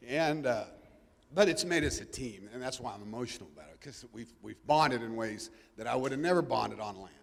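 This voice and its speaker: A middle-aged man with a drawl tells a crowd about his life in a loose, joking way, doubling back on his words as he goes. His voice sits at an ordinary middle pitch. It rings with a long reverb, as if picked up in a big public venue. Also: animated, brisk, vocal fry. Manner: folksy, joking, rambling with restarts. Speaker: guest speaker, cruising family father. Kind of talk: informal talk to an audience. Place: event venue before a live audience.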